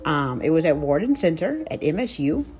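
A woman with a low voice hosts her own solo podcast, talking in a loose, chatty way. Her pitch leaps and dips expressively as she goes, and she fills pauses with plenty of ums. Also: soft background music. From United States. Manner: chatty and animated, lots of ums. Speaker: podcast host. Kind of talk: casual solo podcast chat.

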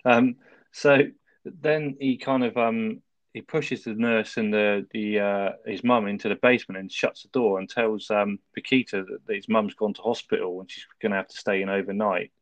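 A man, co-hosting a casual film review chat, recapping the plot in a relaxed way and laughing often. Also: on the low side, normal speed, no room sound, dull audio. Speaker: podcast co-host.

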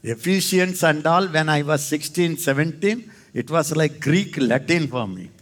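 A male preacher, giving a lively sermon and often jumping into high, excited exclamations. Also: a little slow. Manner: addresses listeners as "Thambi" and "Anna".

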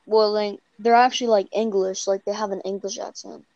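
A woman's voice: medium pitch, little pitch movement, brisk, gravelly, darkish tone, dry recording, muffled recording. A young woman with a Canadian accent, chatting casually and rambling, filling her talk with "like" and "bro.". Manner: rambling, heavy use of "like" and "bro". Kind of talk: casual chat.

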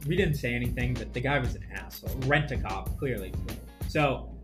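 A man's voice: medium pitch, fairly quick, music in the background. A man from Boston co-hosting a podcast, telling a story in casual chat and acting out the people he quotes. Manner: animated, acts out quoted people. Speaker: podcast co-host.

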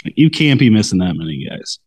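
A young man co-hosting a casual sports podcast, joking and getting animated when he quotes people. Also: lowish voice, brisk, no room sound. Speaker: podcast co-host.

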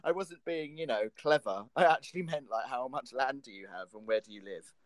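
A man's voice: medium pitch, brisk, no echo. A young man from England chatting casually, playful and teasing, laughing often. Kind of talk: casual chat.

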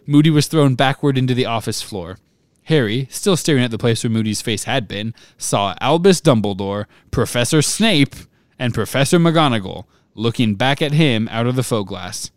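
A man co-hosting a podcast, reading a novel aloud with steady expression and breaking off to chat and laugh. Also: medium pitch, normal speed, dry recording.

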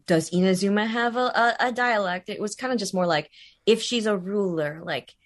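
At a moderate pace and in a mid-range voice, a female voice actor talks loosely in an interview. Her answers wander, packed with fillers and restarts, and laughter comes readily.

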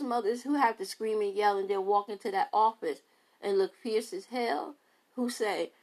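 A woman's voice: mid-range voice, moderate pace, darkish tone. A woman, a mother, talking casually and emphatically to her podcast listeners, repeating phrases for effect. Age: adult mother. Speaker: podcast host.

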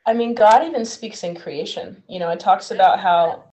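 A woman co-hosting a casual Christian podcast, earnest and relaxed, reading and explaining Bible verses. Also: mid-range voice, moderate pace. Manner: earnest, relaxed, reads scripture aloud. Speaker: podcast co-host. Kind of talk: casual faith chat.

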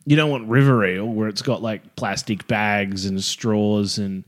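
Man, podcast co-host, crude jokes, quick banter. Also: lowish voice, steady tone. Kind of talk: casual chat.

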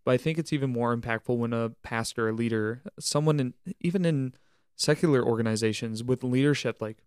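On a relaxed, reflective podcast, a young male co-host speaks a little quickly about camp staff, modeling good behavior, and faith in ordinary life, in an earnest, preachy style full of church terms. His medium-pitched voice is smooth and slightly mellow, captured dry in a clean studio.

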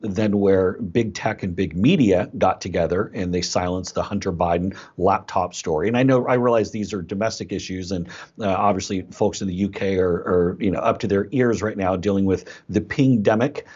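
Man, interview guest, assured, pointed, low pitch, dull lo-fi recording. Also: normal speed, a little mellow, breathy edge. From United States. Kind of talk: interview answers. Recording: dull lo-fi audio.

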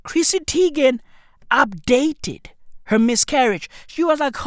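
A woman's voice: high-pitched, expressive, slow pace, dry recording. A woman hosting a podcast, ranting in a profane, repetitive way, close to the mic. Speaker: podcast host.

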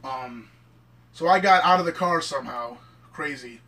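A young man rambling excitedly through a story among friends, swearing constantly in casual chat. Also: fairly high pitch, normal speed. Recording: mic at a distance.

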